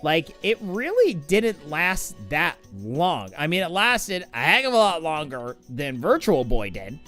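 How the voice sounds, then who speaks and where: Man streaming a game, lively and up-and-down pitch, casual chatter, faint game music behind. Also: a little slow. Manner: chatty, distracted by the game, lots of fillers. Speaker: streamer host. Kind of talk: casual chat while gaming.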